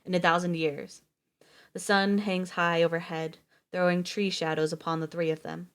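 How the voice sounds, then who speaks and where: Woman reading a book live, lowish voice, steady, trips on a word now and then. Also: normal speed, clear, resonant tone. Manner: steady reading with small slips and restarts. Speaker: streamer reading a novel aloud.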